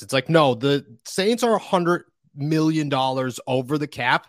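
A man's voice: on the high side, measured pace, hardly any pauses, no echo, clean studio sound. A young man hosting a casual sports podcast, talking loosely and acting out voices of the people he quotes. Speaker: podcast host.

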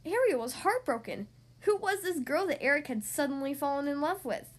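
Woman storybook narrator, high-pitched, steady read-aloud with occasional slips. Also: brisk. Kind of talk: storybook reading.

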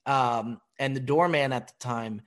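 A man hosting a podcast, telling anecdotes in a lively, profane way and acting out the people in them. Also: medium pitch, unhurried. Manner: animated, profane, acts out quotes. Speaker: podcast host. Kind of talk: casual storytelling.

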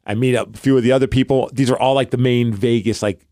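A man's voice: medium pitch, fairly even intonation, fast, dark tone, dry recording, studio quality. A man from Brooklyn with a New York accent, co-hosting a podcast and telling a long story in casual chat, rambling and acting out the voices of the people he quotes. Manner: rambling, acts out quoted dialogue. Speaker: podcast co-host.

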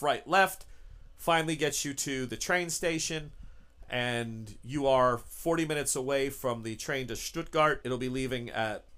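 A man's voice: mid-range voice, fairly bright tone, clear, resonant tone. A man running a tabletop role-playing game, narrating scenes in a loose, conversational way with plenty of fillers. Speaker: game master.

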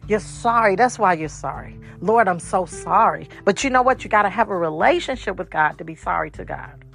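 A middle-aged woman preaches a sermon, repeating key words and turning to her listeners with direct questions. Her voice has a gravelly fry at the bottom of its middling pitch. Faint music plays beneath her. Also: expressive, a little fast, a bit bright.

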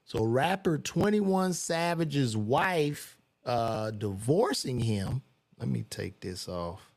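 A man's voice: medium pitch, lively intonation, takes it slowly. A man casually reading celebrity news aloud and reacting with loose, profane commentary while he browses.

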